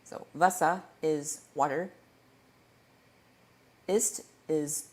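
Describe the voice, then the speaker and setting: A man's voice: a little high, takes it slowly, long pauses, a little mellow. A man hosting a casual livestream Q&A into a desk microphone, rambling playfully and tripping over his words as he corrects himself. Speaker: livestream host.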